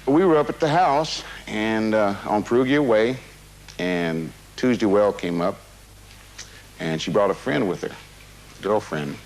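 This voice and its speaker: Low-voiced man telling an old story. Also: a little slow, poor audio. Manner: rambling, with many fillers and restarts; casual, drops "man" into his talk. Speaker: interviewee. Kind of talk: recounting a personal memory.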